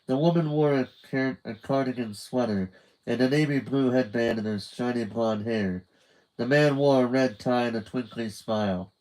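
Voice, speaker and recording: A man's voice: mid-range voice, normal speed, a little mellow, low-quality recording. Man reading a storybook aloud. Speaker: reader.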